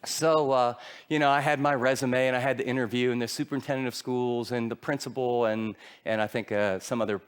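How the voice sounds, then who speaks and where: With a smooth, medium-pitched voice and a slightly quick delivery, a middle-aged pastor preaches, animatedly narrating stories and imitating the voices of their characters.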